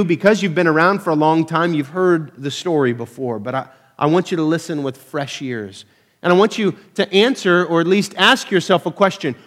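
Male pastor, conversational sermon, folksy, lots of fillers, slightly high voice. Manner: casual, folksy, frequent "uh" fillers, self-deprecating humor.

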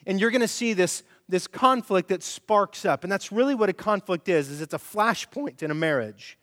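A middle-aged male pastor preaching a sermon, animated and storytelling, acting out quoted voices. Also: sits high, moderate pace, long reverb tail.

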